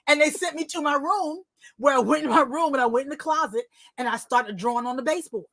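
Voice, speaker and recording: Lively storytelling woman, dry sound. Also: high-pitched, fast, no room sound. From New Jersey. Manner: lively, acts out voices in her stories; sing-song phrasing. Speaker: guest, author and illustrator. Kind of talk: personal storytelling in conversation.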